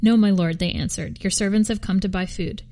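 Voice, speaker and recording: Woman reading scripture, warm low-toned voice, steady pace, small slips and restarts. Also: brisk. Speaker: podcast reader.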